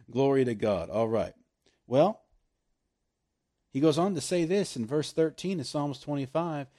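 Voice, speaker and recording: A man preaching a sermon, animated and laughing often, slowing right down to stress scripture. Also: on the high side.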